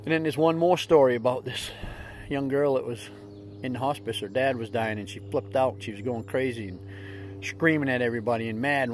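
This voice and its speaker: A middle-aged man talks straight to his viewers in a casual, motivational way. His plainspoken, folksy storytelling has easy grammar slips, and he speaks at an ordinary middle pitch. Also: a little fast, slight background noise. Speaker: vlog host.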